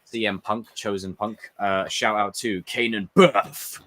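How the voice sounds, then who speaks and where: A man's voice: fairly low pitch, fairly even intonation, a little slow, hardly any pauses, background noise. Laughing man hosting a live stream. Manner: laughs a lot, upbeat sign-offs. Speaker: host of a live pop culture stream. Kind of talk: casual group chat on a live stream.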